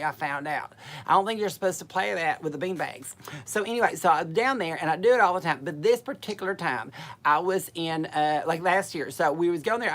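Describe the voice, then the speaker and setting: A woman with an Alabama drawl spins rambling, cheeky comic stories at a rapid clip. Her voice sits fairly low. She talks in a folksy, bawdy way. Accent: Southern American, Alabama. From Alabama, USA. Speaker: comic entertainer. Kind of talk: comic storytelling chat.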